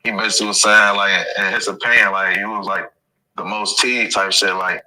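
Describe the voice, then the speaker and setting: Interviewer dude, low voice but bright edge, stumbling through questions. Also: male voice, fairly even intonation, a little fast, poor audio. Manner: hesitant, filler-heavy questions. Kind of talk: casual interview.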